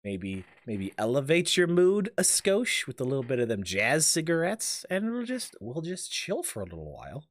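Man, live game streamer: jokey, rambling, very lively pitch. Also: moderate pace, few pauses, no echo. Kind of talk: live gameplay commentary.

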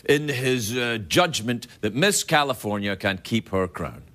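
A man's voice: mid-range voice, expressive, measured pace. A man hosting a late-night talk show, delivering a jokey comedic monologue full of self-mocking asides. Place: TV studio with live audience. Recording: loud studio audience laughter and noise.

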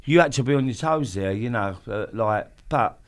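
A middle-aged man in a blunt, casual chat. He swears freely and breaks off mid-thought before circling back. His voice sits at an ordinary pitch for a man. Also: lively intonation, moderate pace. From London, England. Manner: blunt, swears a lot, trailing restarts. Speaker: guest.

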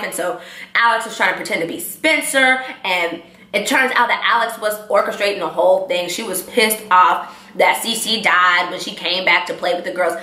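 Chatty young woman recapping a show, bright. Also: mid-range voice, roomy sound. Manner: excited, chatty, animated storytelling. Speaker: vlogger. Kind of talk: casual TV recap.

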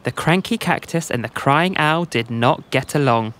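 A man narrating a rhymed bedtime story for children in a gentle storytelling manner. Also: medium pitch, normal speed.

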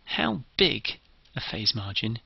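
A man's voice: on the low side, very animated, slow, vocal fry, breathy edge, no room sound, highs cut off. A man giving a methodical, step-by-step engineering lecture.

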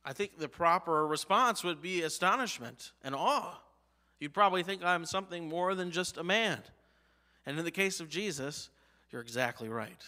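A man's voice: fairly high pitch, moderate pace, sharp tone, long reverb tail. A male pastor preaching a sermon, emphatic, asking the congregation rhetorical questions. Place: church sanctuary.

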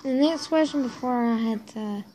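A woman's voice: on the high side, moderate pace, dark tone, soft background music. A woman YouTuber talking in a rambling, offhand way during a casual vlog Q&A.

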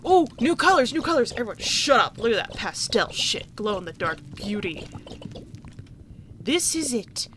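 Excitable young woman gaming commentator. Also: medium pitch, fairly quick, few pauses, a little hiss or hum. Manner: excitable, gushing and swearing freely. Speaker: gaming streamer. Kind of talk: casual let's-play commentary.

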